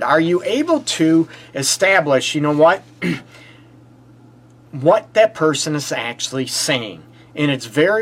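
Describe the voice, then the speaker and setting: A man's voice: fairly high pitch, fairly bright tone. A man with a Detroit accent hosting a relationship advice call-in show, talking emphatically with rhetorical questions, frequent "you know what" and short laughs. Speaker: relationship counselor and show host.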